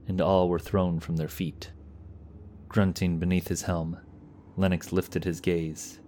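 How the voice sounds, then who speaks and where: A man reading a fantasy story aloud as a narrator, in a steady, measured storytelling manner. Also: low voice, slight background noise.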